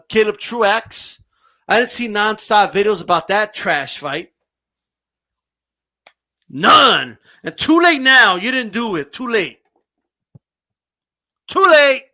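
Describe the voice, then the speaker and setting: A man's voice: high-pitched, sharp tone. A man giving a brash, mocking, profane rant as a boxing commentator. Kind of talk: ranting commentary vlog.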